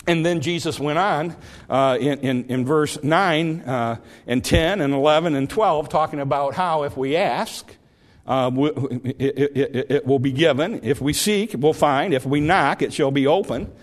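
Animated storytelling male pastor. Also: fairly high pitch, moderate pace. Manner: animated storytelling, repetitive emphasis. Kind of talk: sermon.

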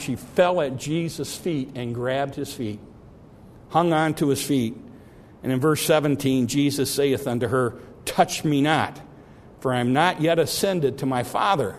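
A man preaching a sermon and explaining scripture verse by verse, often halting and repeating words as he goes. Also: fairly high pitch, a little hiss or hum. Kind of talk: sermon, Bible exposition.

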